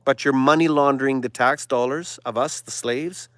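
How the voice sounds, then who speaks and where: A man hosting a livestream, giving a preachy monologue that swings from loud declarations to hushed whispers. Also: mid-range voice, moderate pace, dry recording. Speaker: livestream host.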